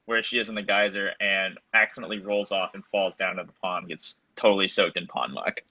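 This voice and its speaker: A man narrating as game master of a tabletop game, halting and full of restarts. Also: low-pitched, steady tone, bright, forceful tone, no room sound, lo-fi sound.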